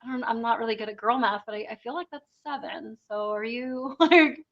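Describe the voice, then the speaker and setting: A woman co-hosting a podcast, full of fillers and dry sarcasm. Her voice sits somewhat high. The sound is a little muffled and lo-fi. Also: fairly quick. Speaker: podcast co-host. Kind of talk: casual chat.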